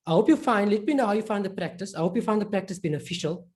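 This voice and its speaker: A man teaching a recorded lesson, patiently repeating example words slowly and drawn out, with casual "right?" and "okay" check-ins. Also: sits high, lively intonation, a little mellow. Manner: informal, fillers like "right?" and "okay".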